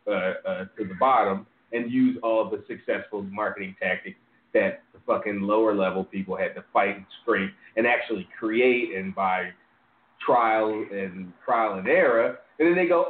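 A man hosting a podcast, ranting in casual chat, swearing often and jumping high in pitch when he mocks someone. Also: moderate pace. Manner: animated, profane, voice jumps high when mocking. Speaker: podcast host. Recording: echoey, phone-like sound.

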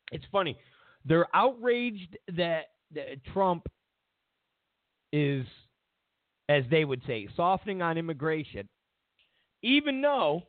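A man hosts a political talk show, mocking his opponents in a casual, sarcastic way and repeating his own lines. His voice is gravelly and his delivery is slow and unhurried. His pitch swings widely, and the sound is thin and phone-like. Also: no room sound. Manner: sarcastic, mocking, repeats phrases, chuckles often. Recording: tinny phone-like audio.

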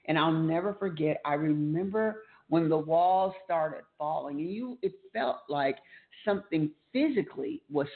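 A woman's voice: sits low, unhurried. A woman hosting a Christian talk show, telling a personal story earnestly and emotionally. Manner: earnest, emotional storytelling, animated when reliving events. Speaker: host. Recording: tinny phone-like sound.

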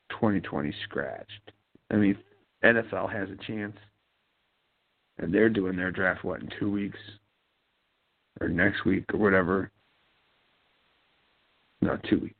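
A man's voice: fairly low pitch, creaky, breathy edge. A man hosting a show, talking in a rambling, sardonic monologue with mumbled asides. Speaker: podcast host. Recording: tinny phone-like line, dry.

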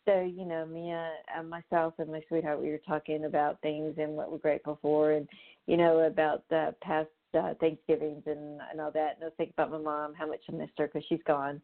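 A woman's voice: low voice, little pitch movement, a little fast. A woman hosting a show, talking casually in a rambling way with lots of fillers and restarts. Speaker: show host. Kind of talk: casual spoken monologue. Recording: tinny phone-line sound.

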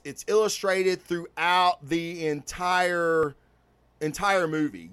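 A man hosting a casual podcast, reviewing a movie and comics in an excited, profane, rambling way with many restarts. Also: high voice, no room sound. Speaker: podcast host.

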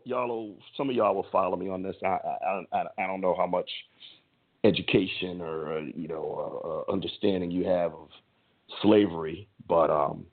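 Man, sports podcast co-host, impassioned rant, husky voice, stammering restarts, phone-like audio. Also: deep voice. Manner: heated, emphatic, stammers on restarts.

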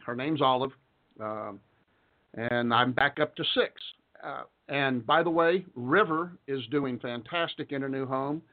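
A middle-aged man from Texas hosts a casual talk radio show, rambling through folksy asides and chuckling between thoughts. His voice sits at an ordinary middle pitch. The audio is thin and narrow, like a phone line.

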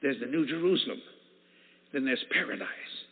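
A man's voice: medium pitch, moderate pace. A man preaching and telling a personal testimony, acting out the voices of the people in it. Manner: animated storyteller who acts out dialogue. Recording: tinny phone-like sound in an echoey hall.

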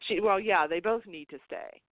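A woman's voice: medium pitch, moderate pace, dry recording. A woman hosting a casual internet radio chat, talking in a rambling, chatty way with restarts and laughs. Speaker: show host. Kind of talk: casual chat about soap operas. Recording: tinny phone line, dry.

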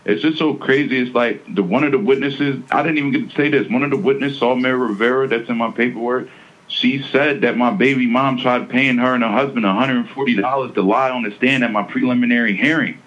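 A man's voice: medium pitch, fairly quick, lo-fi sound. A man being interviewed, talking casually and emphatically, with slang and many repeats. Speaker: interviewee, defendant. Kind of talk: casual interview over a phone line.

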